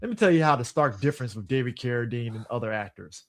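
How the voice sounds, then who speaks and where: A man's voice: mid-range voice, animated, fast, dry recording, studio quality. Blunt, profane man in podcast banter. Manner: blunt, profane, laughs often, interrupts. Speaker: podcast co-host. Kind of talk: casual chat.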